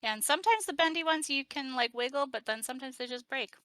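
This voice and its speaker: A woman's voice: high voice, quick pace, fairly bright tone, dry recording, rough recording. A woman hosting a casual craft stream, giggly and playful, cracking jokes. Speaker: stream host. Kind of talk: casual chat.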